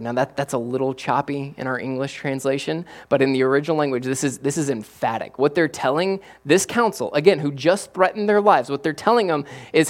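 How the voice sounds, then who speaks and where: A middle-aged man preaching as a pastor. His delivery swings from hushed to loud and excited. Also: mid-range voice, fairly quick, hardly any pauses. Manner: animated preaching with big swings from quiet to loud. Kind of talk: sermon.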